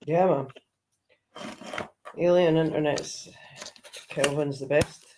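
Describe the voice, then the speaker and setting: A man on a live stream panel speaks slowly and drops in brief, dry replies. A faint hiss of noise sits under his voice. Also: a little high, fairly even intonation, warm tone, poor audio. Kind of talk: casual live stream chat.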